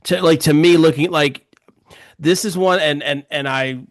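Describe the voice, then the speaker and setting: A man's voice: on the high side, moderate pace, no room sound, studio quality. A man co-hosting a casual film discussion, talking in an agreeable, reflective way with frequent fillers. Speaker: podcast co-host.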